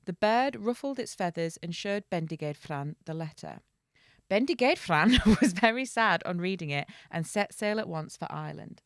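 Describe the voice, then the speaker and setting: A woman hosting a casual podcast, reading an old tale aloud and breaking off for quick jokey asides. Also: fairly low pitch, animated, no echo, studio quality. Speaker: podcast host.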